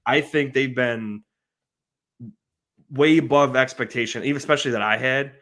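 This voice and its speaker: Man, mid-pitch, animated sports-panel analyst, arguing a point. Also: moderate pace. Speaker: podcast panelist.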